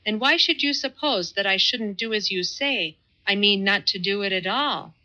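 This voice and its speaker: Lady narrator doing a stubborn young atheist guy, slow and vehement, bright voice, muffled audio. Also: medium pitch, lightly acted. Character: fierce stubborn young atheist man in disguise.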